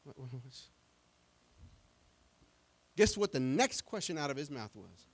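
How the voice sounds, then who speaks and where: A man's voice: on the high side, unhurried, slight background noise. Plain-talking male pastor, middle-aged. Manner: conversational, plain-spoken preaching with stammered restarts; acts out quoted voices in animated bursts. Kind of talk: sermon.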